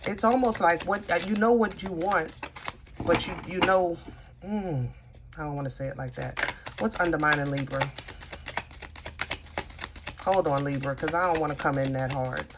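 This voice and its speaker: A woman's voice: deep voice, normal speed, noisy background. A woman giving a casual tarot reading, thinking aloud and talking to her cards as she goes. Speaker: tarot reader.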